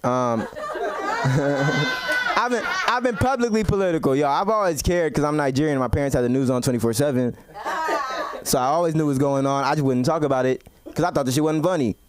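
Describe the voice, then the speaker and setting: A young man with a brisk, somewhat high voice performs an open mic stand-up set on a comedy club stage. He rambles and swears heavily, and the live club recording is noisy.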